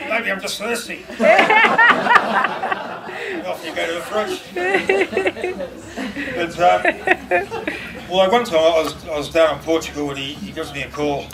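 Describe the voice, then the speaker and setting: A man giving a memorial speech, telling fond stories in a halting way and laughing often, recorded from a distance in a noisy room. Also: fairly high pitch, fairly even intonation, vocal fry, a crowd in the background. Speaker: eulogy speaker.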